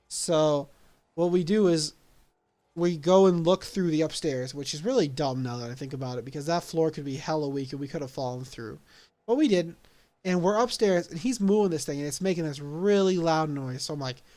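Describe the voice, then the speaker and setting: A young man telling a story casually, animated and laughing along at his own story. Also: on the high side. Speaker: vlogger.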